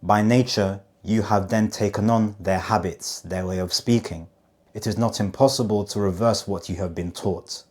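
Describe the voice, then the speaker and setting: Communication coach, male, lowish voice, emphatic, deliberate pauses on key points. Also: steady tone, a little mellow. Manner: emphatic, slows down on key phrases; demonstrative, asks rhetorical questions. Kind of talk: direct-to-camera coaching talk.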